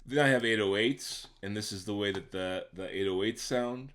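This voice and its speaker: A man with a somewhat low voice gives a casual walkthrough of how he produced a beat. He talks step by step with a few fillers and keeps checking in with the listener. He sounds like a home-studio producer recording a voice-over for his tutorial. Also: moderate pace, a bit bright, slight background noise. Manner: conversational, checks in with the viewer by asking "right?".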